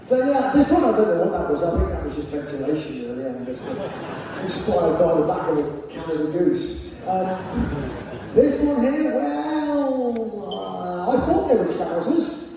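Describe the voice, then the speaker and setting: Recorded from a front-row audience camera, a spoken word performer delivers dry, self-deprecating comic tales on a theater stage. His voice sits high with big pitch swings and some vocal fry, at a normal speed. The sound is distant and echoey, with audience noise.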